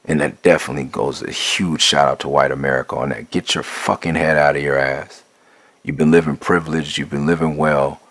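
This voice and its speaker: A man's voice: very deep voice, fairly even intonation, fairly quick, fairly bright tone, no room sound. A middle-aged man giving a blunt, profane, impassioned spoken monologue, restarting and building in intensity. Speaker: rapper sharing his views.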